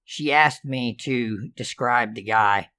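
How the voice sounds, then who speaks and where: A man's voice: mid-range voice, slow, pushed and bright. A man reading true scary stories aloud in a casual, profane, sarcastic way. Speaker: storyteller.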